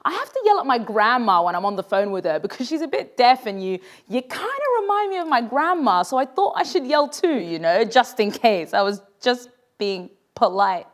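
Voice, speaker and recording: A cheeky young schoolgirl, always ready with a joke, her voice climbing high and swinging widely as she rambles and trips over her words, as a woman puts her on while reading aloud. She sounds flustered and eager to please. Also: very animated, moderate pace, hardly any pauses. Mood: rambling. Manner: rambling, stammering when nervous.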